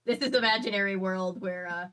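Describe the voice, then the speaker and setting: Bright-voiced woman chatting on stream. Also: mid-range voice, a little fast, smooth, rough recording. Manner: chatty, relays viewer comments, rambling explanations. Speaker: stream co-host reading chat. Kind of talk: casual chat.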